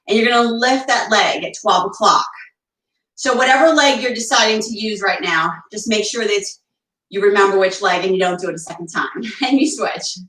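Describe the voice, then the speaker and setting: A fitness instructor with a medium-pitched, somewhat bright voice teaches a barre workout from home, slightly out of breath. She keeps count of reps, encourages the group and makes chatty asides. The poor audio sounds roomy and was recorded at a distance.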